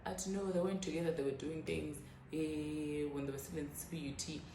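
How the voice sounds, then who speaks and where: A low-voiced South African woman in her twenties telling a storytime vlog, lively and quick to swear as she acts out what others said. The room is echoey and a faint hum sits behind her. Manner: animated, swearing, quoting others in quick bursts. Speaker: YouTuber. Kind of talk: casual storytime.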